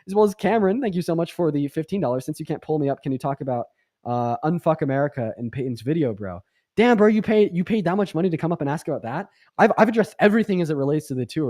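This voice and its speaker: Young male stream host, quick sarcastic rambler, dry close sound. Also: on the high side, a little mellow, dry recording. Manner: rambling, filler-heavy, sarcastic. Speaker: livestream debate host. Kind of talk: casual livestream chat.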